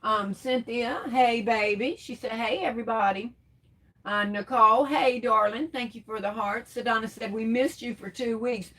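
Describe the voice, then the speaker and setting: A woman's voice: a little high, normal speed. A middle-aged woman hosting a casual crafts livestream, reading out comments and answering them with terms of endearment. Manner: warm terms of endearment, chatty, laughs often.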